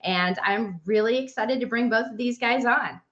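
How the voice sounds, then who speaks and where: A woman's voice: a little high, moderate pace, fairly bright tone, lo-fi sound. A woman co-hosting a podcast, introducing her guests with enthusiasm. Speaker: podcast co-host.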